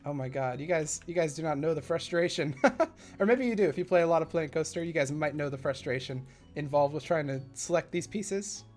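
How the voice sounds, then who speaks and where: A man streaming a park-building game live, chatting casually and rambling into side stories while he builds, with sudden excitable bursts. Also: fairly high pitch, fairly quick, faint music behind.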